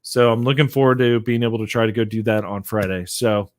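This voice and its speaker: A man's voice: fairly low pitch, steady tone, a little fast, no room sound, clean studio sound. A sleepy man chatting casually on his own live stream about comics, rambling with lots of fillers. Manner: rambling, filler-heavy, laid-back. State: sleepy, yawning. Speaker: comic book vlogger.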